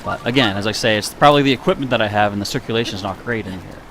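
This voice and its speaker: A man's voice: on the low side, rapid-fire, a bit bright, a little hiss or hum. A man streaming a video game live, chatting casually with viewers in a self-mocking way, with a slightly nasal voice. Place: warm room indoors.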